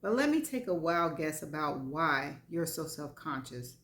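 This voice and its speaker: A woman's voice: low voice, very animated, measured pace, fairly bright tone, exaggerated voice. A woman voicing a confident, teasing middle-aged man in a story reading, reassuring and playful. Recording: echoey room.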